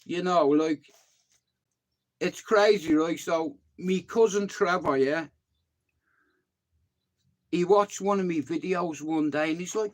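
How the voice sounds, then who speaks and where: A man's voice: high voice, slow pace, pauses often. An Irish man in his fifties, chatting on a livestream in a rambling way, often repeating himself and swearing casually. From Ireland. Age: 50s. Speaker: YouTube livestreamer.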